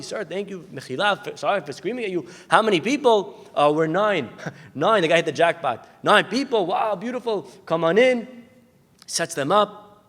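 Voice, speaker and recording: Animated rabbi preaching in a reverberant hall. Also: male voice, on the high side. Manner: animated storyteller acting out characters, shouting in bursts. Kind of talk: sermon with storytelling.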